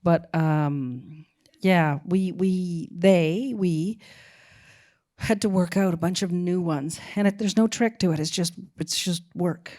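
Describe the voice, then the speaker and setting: A middle-aged woman, a film director as guest, talking in a halting, musing way with many restarts. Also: fairly low pitch, warm tone. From Canada. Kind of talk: casual interview talk.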